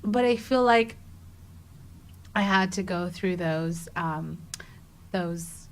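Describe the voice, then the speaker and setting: A woman in her thirties, a guest on an interview show, telling a personal story with lively energy and acting out the dialogue. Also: on the low side, slow, low-quality recording. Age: 30s. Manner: animated, acts out quoted dialogue with many "like"s. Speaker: guest, travel writer.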